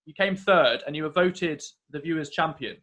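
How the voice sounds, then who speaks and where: Male podcast host, slightly high voice, eager and full of praise. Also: normal speed, a bit bright. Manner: enthusiastic, complimentary. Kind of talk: casual interview.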